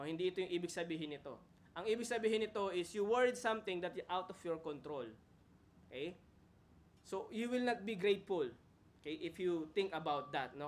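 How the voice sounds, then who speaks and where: High-voiced Filipino man teaching a sermon. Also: fairly bright tone. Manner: conversational, frequent "okay?" tag questions and self-corrections. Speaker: preacher at a Bible study. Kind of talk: teaching sermon, mixing Tagalog and English.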